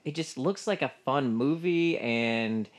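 A man's voice: medium pitch, takes it slowly. A man co-hosting a podcast in casual chat, chatty and self-mocking, laughing often. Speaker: podcast co-host.

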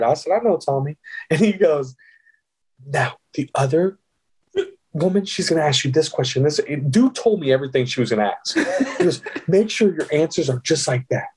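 A man's voice: a little high, normal speed, slightly rough, rough recording. A middle-aged man telling a casual, profane story and acting out the people in it. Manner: animated, profane, acts out quoted voices. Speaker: guest.

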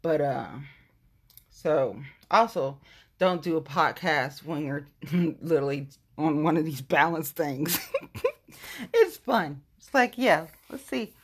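Husky, blunt woman podcaster. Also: low voice, lively intonation, measured pace. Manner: blunt and heavily profane; loose, rambling storytelling. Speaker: podcast host. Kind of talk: casual podcast rant. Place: at home, standing on a balance board.

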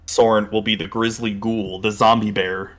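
A man co-hosting a podcast in casual chat, relaxed and self-deprecating, joking often. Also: on the low side, normal speed, noisy background. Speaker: podcast co-host. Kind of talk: casual chat about a card game.

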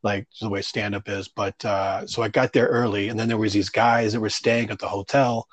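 Man, stand-up comic, rambling anecdote, lots of fillers and swearing, lowish voice, dry close sound. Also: flat delivery, normal speed, no room sound. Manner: loose, rambling, profane, heavy on fillers. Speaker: stand-up comedian. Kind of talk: casual storytelling interview.

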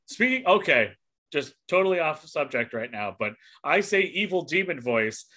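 A man's voice: a little high, very animated, a little slow, sharp tone. A man co-hosting a podcast from home, chiming in with jokes and playful comparisons. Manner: jokey interjections, playful comparisons. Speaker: podcast co-host. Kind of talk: casual chat.

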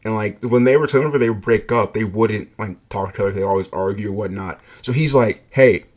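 A man's voice: lowish voice, fast talker. A man casually telling a personal story, swearing freely, leaning on "like" and laughing along as he goes. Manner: laid-back, profane, heavy use of "like", laughs often.

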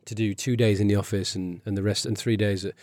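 A man's voice: fairly low pitch, fairly even intonation, quick pace, a little mellow, dry recording, studio quality. A man hosting a podcast in casual chat, rambling with frequent restarts and asides. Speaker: podcast host.

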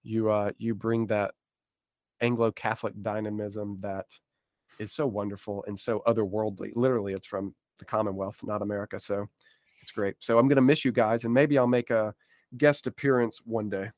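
A man's voice: fairly low pitch, steady tone, moderate pace, a little mellow, no room sound, clean studio sound. A man co-hosting a podcast, chatting casually with self-deprecating jokes. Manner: joking, self-deprecating asides. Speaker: podcast co-host.

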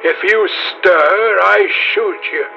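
A man voicing a grim, thick-set sailor bent on revenge, speaking slowly with a growling, threatening manner. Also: high-pitched, gravelly, lo-fi sound, soft background music, pitched above the performer's own voice, heavily acted. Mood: menacing.

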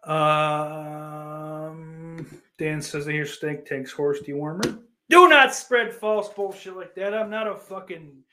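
Male streamer, sarcastic profane ranter, slightly high voice, roomy echo. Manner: sarcastic, profane, bursts into mocking yells. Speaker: streamer reading chat comments. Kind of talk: casual crude rant.

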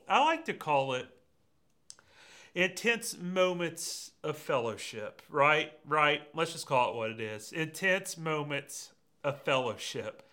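Bright-voiced man preaching a sermon. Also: fairly high pitch. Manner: lively and conversational, addresses congregation directly. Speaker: pastor.

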